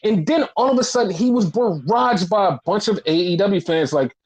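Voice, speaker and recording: Young male podcast co-host, high-pitched, profane rant, filler-heavy. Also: animated, moderate pace, a little mellow. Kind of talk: casual critical rant.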